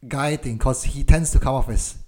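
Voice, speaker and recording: A man with a Malaysian accent, co-hosting a casual film podcast, speaking slowly and deliberately. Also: medium pitch, darkish tone. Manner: deliberately slowed, measured speech. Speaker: podcast co-host.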